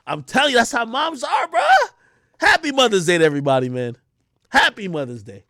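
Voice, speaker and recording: Animated, profane man ranting on stream. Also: very high voice, normal speed, dry recording, studio quality. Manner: animated, profane, slangy, repeats himself. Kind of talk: casual livestream rant.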